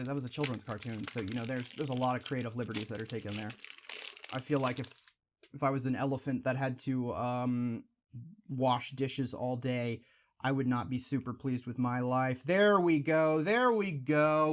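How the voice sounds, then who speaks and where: A young man hosting a card-opening video, rambling in casual asides and exclaiming over shiny pulls. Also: mid-range voice. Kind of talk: casual pack-opening chat.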